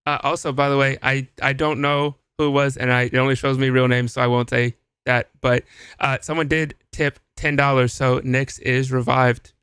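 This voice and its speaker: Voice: medium pitch, flat delivery, normal speed, a bit bright, clean tone, no echo. A host running a live game show, dry and teasing while calling the turns.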